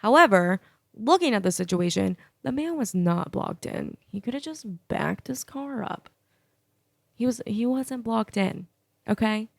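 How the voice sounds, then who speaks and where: A woman's voice: fairly high pitch, expressive, unhurried, creaky, no echo, studio quality. A young woman hosting a solo podcast, telling a profane, sassy story. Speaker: podcast host.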